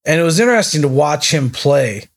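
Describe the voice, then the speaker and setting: Man, gravelly voice, slightly higher pitch, rambling casual chat. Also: lively intonation, brisk. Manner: rambling storyteller, many restarts.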